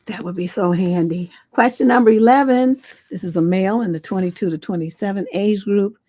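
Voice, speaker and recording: A woman's voice: medium pitch, brisk, mellow, no echo. Blunt, profane woman advice coach. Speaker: relationship coach and host. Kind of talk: livestream advice show.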